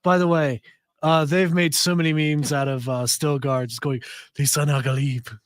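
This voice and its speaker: A man's voice: a little high, little pitch movement, normal speed, clean tone, dry recording, clean studio sound. A man co-hosting a casual chat, dropping joking asides. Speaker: co-host.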